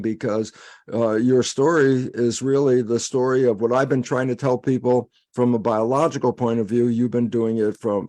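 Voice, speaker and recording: A man speaking as a guest in a discussion, animated and conversational, chuckling between points. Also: medium pitch.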